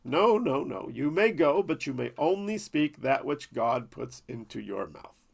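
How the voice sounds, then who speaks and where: A man voicing a stern male angel with a sword who delivers sharp warnings. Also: a little high, sing-song, a little slow, vocal fry, exaggerated voice. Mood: firm.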